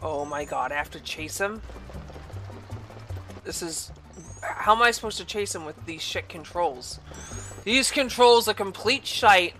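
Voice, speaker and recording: A woman giving angry gameplay commentary, cursing and yelling in exasperation. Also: fairly low pitch, animated, a little slow, soft background music. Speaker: gaming video creator.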